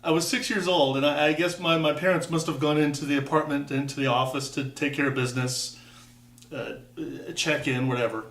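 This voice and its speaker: A fairly high, a bit bright voice with fairly even intonation moves a little fast, captured on a distant mic in an echoey room. It belongs to a Wisconsin man in his fifties vlogging a rambling personal story, full of wry quips and restarts.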